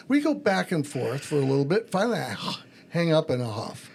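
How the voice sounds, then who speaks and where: A man's voice: a little high, sing-song, fairly quick, vocal fry, darkish tone. A middle-aged man, a pastor hosting a podcast, telling a story in a casual chat and acting out the phone calls in it.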